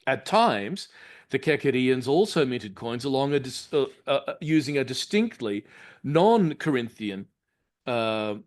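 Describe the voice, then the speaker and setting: Male university lecturer, articulate and measured, mid-range voice, lecture-room delivery. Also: medium pitch, big pitch swings. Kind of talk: academic lecture.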